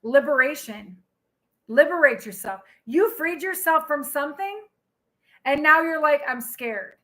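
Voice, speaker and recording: Woman tarot reader, high bright voice, excitable, talking straight to her viewers on a live stream. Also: a little slow, low-quality recording. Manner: excitable, exclaiming and laughing.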